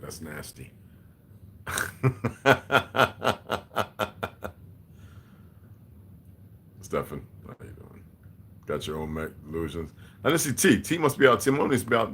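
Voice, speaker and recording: Husky, forceful man on a livestream. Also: low-pitched, expressive, fairly quick. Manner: profane, blunt, swings between quiet muttering and loud heated outbursts; laughs often between remarks. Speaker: livestream host. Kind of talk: casual live chat, reading and answering viewer comments.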